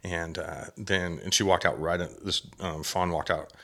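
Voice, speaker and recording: A man's voice: low-pitched, moderate pace, gravelly. A man, a podcast guest, chatting casually and getting worked up as he tells a hunting story. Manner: lively storyteller, gets worked up telling a hunt. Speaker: guest, hunter and drinkware entrepreneur.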